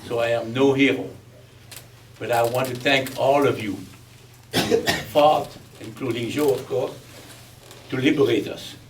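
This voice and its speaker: Steady in tone and unhurried, with frequent pauses, an octogenarian man with a mid-range voice and a Belgian accent gives a talk to an audience as a seasoned guest speaker. His style is chatty and jokey, and he repeats things for emphasis; the recording is distant, with slight background noise.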